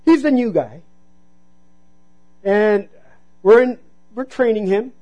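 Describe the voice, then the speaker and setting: A man preaching a sermon, telling a personal story and calling out to the congregation, sometimes dropping to a hush for emphasis. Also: high-pitched, slow, lo-fi sound. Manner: storytelling, call-and-response "Amen?".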